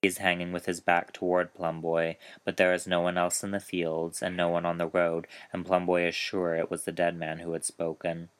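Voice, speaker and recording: A man with a very low, even voice reads a grim story aloud. He takes it slowly and keeps the telling measured, with little rise and fall. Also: smooth. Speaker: author reading his story. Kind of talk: narrated story reading.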